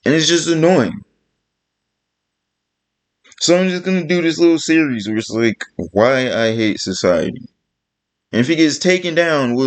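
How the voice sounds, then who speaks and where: A man delivering a blunt, profane, exasperated rant to camera as a vlogger. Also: on the high side. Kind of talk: ranting vlog monologue.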